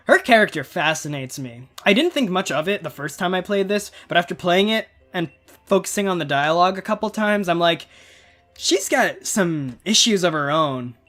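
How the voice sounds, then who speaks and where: A man's voice: sits high, expressive, a little fast, fairly bright tone, soft background music. A man in his twenties giving rambling, casual commentary while playing a video game. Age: 20s. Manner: chatty, rambling, laughs often. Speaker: gaming video creator. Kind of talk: casual let's-play commentary.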